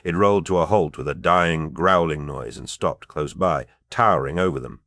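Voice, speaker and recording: Deep-voiced man reading an audiobook. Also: normal speed, fairly bright tone, no room sound, clean studio sound. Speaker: audiobook narrator. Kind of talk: scripted narration.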